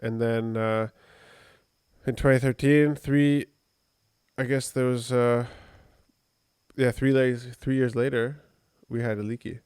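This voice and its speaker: A man's voice: mid-range voice, little pitch movement, slow pace, pauses often, a little mellow, smooth, dry recording, clean studio sound. A man co-hosting a podcast, telling a personal story in a rambling, conversational way with many fillers. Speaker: podcast co-host. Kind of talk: casual podcast chat.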